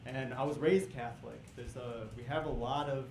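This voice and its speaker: A male stand-up comedian doing a loose, conversational set on a comedy club stage, chuckling and breaking into shouted bursts at the crowd. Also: mid-range voice, steady tone, moderate pace. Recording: echoey club room with crowd noise.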